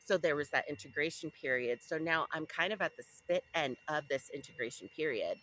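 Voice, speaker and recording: A woman from Southern California shares a casual spiritual diary, rambling and restarting as she talks. Her voice sits low, with a faint hiss of noise behind it. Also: lively intonation, brisk, sharp tone, rough recording. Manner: rambling, with many restarts and asides. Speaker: vlogger.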